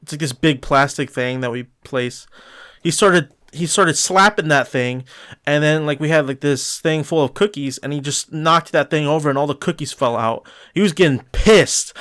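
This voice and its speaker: A man's voice: a little high, moderate pace, fairly bright tone. A young man, a podcast co-host, telling a rambling story in casual chat, full of restarts and "like"s.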